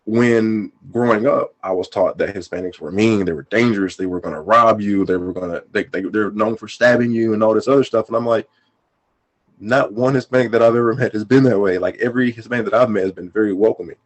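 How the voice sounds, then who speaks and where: A man's voice: fairly low pitch, quick pace, hardly any pauses, rough recording. A man speaking earnestly in a casual podcast chat, rambling with frequent restarts.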